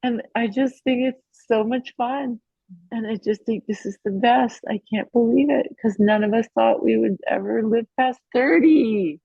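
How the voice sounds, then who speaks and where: A woman's voice: fairly high pitch, normal speed, creaky, mellow, husky, no room sound, lo-fi sound. A woman in her fifties, a guest musician in a casual interview, telling candid, profane stories with plenty of feeling. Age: 50s. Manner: profane, candid, emotional storytelling.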